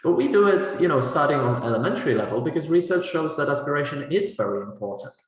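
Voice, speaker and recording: A man's voice: fairly high pitch, lively intonation, fast talker. A man giving a teacher-training talk on pronunciation, explaining step by step and checking in with "right?" and "you know". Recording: very echoey large hall.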